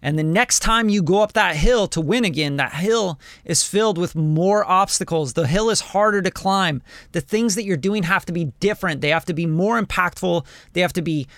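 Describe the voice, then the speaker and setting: A man in his forties hosting a podcast, giving a blunt, profane, animated motivational talk about a music career. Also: sits high, moderate pace, hardly any pauses, dry recording, clean studio sound. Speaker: podcast host, music producer.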